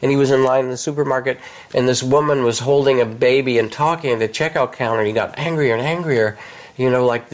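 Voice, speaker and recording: An older man, a meditation teacher, speaking softly and unhurriedly in a guided reflection, lifting his voice warmly on key phrases. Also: medium pitch, fairly even intonation, brisk. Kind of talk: gentle guided reflection in conversation.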